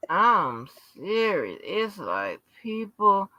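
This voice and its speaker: A woman's voice: mid-range voice, sing-song, drawn-out words, sharp tone, dry recording. A woman chatting casually who drags out her words, sounds exasperated and swears as she talks. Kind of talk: casual chat.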